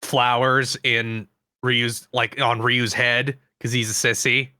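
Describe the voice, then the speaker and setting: A man's voice: mid-range voice, little pitch movement, slow pace, sharp tone, dry recording. A man chatting on a gaming podcast, stumbling over words with a wry tone. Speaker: podcast co-host. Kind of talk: casual chat.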